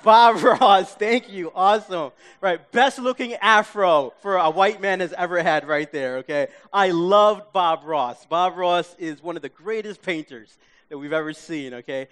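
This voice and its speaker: A man from Queens, telling an animated story to a live audience, acting out his own reactions and checking in with listeners. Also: high voice, unhurried, smooth. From Queens, New York. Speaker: speaker.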